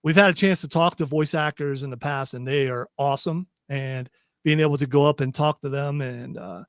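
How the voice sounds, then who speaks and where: A man's voice: fairly high pitch, fairly even intonation, fairly quick, clear, resonant tone, no echo. A man hosting a radio talk show, rambling and chatty with lots of restarts, speaking into a studio microphone.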